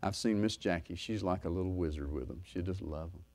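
A middle-aged man pastor preaching a sermon, swinging from loud fervor to soft, hushed talk. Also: low-pitched, fairly quick.

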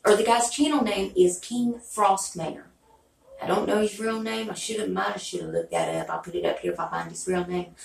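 Gravelly-voiced woman chatting, roomy and distant. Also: mid-range voice. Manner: chatty, folksy, talks straight to viewers. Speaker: beauty YouTuber. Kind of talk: rambling casual vlog chat.

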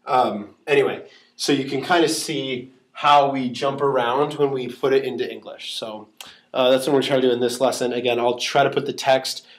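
A man who teaches Latin, explaining pronunciation rules step by step with plenty of fillers, and he is a bit sick and clears his throat. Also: medium pitch, fairly even intonation, moderate pace, reverberant. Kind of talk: classroom-style lesson. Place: classroom.

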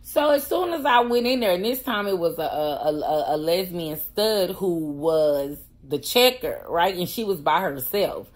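A woman, a pastor, telling a personal story in a casual vlog, animated and slangy, laughing often and talking straight to her viewers. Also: on the low side, a little slow, few pauses. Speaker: pastor and prison wife.

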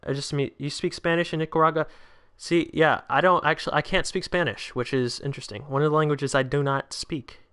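A man's voice: on the high side, fairly quick, hardly any pauses, clear, resonant tone. A nineteen-year-old man hosting a casual livestream, chatting with viewers and reading their comments aloud. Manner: chatty, answers chat, bursts out excitedly at big chances. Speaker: livestream host.

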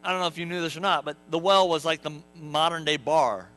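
High-voiced, bright joking preacher man. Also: fairly even intonation, fast, soft background music, poor audio. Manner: joking, conversational preaching with asides to the congregation; acts out quotes in playful voices. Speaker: pastor. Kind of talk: sermon. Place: church sanctuary.

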